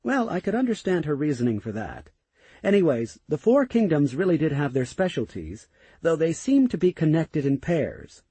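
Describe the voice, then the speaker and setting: A man narrating a fantasy audiobook in the first person, with an expressive storytelling manner. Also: a little high, normal speed, breathy edge, no echo.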